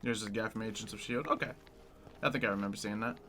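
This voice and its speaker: A man's voice: lowish voice, quick pace, a little hiss or hum. A man streaming a game and chatting casually with his viewers, rambling loosely from one thought to the next. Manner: relaxed, rambling, talking to chat between tasks. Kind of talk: casual live-stream chat while playing. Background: background music.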